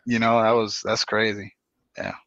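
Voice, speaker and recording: A man in his thirties, a dance guest, talking in a relaxed, slangy way with many fillers. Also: fairly low pitch, normal speed, vocal fry, no echo, muffled recording. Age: 30s. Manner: laid-back, slangy, lots of fillers. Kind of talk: casual podcast chat.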